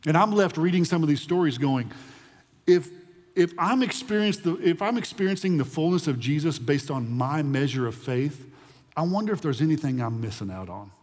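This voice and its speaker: Animated male preacher in a reverberant hall. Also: on the high side, moderate pace. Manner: animated, repeats words when excited. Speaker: pastor. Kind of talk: sermon.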